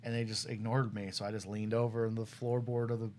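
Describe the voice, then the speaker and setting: A young man casually telling a story to a friend, animated and laughing often as he acts out what people said. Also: lowish voice, fast talker. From Tucson, Arizona.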